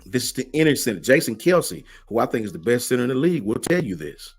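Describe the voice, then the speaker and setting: Guy ranting on his live stream, lots of "right?", pitch jumping all over, lil music underneath. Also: very animated, fast talker, slightly rough. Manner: emphatic, repeats rhetorical questions; slangy, keeps asking "right?". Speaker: host of a college football fan channel. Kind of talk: livestream commentary with chat.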